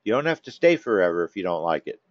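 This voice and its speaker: A man's voice: low voice, sing-song, fast, dry recording. A man hosting a live trading room, talking casually to members by name, coaxing and teasing them. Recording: dull, dry lo-fi stream audio.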